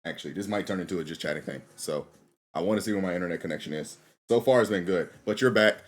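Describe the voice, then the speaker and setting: A man with a deep voice talks fast while live-streaming a game. He chats casually with viewers in laid-back slang and laughs often.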